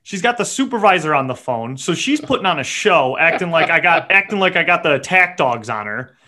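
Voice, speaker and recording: A man hosting a podcast, telling a story in a profane, animated rant and muttering quick asides. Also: a little high. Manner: animated and profane, voice jumps up when acting out his own yelling. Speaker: podcast host.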